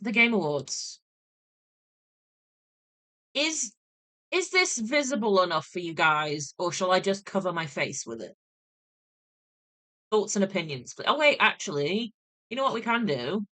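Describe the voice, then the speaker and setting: Bright-voiced woman venting on stream. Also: mid-range voice, very animated, measured pace, long pauses. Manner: venting, swears freely, laughs often. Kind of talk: casual live-stream chat.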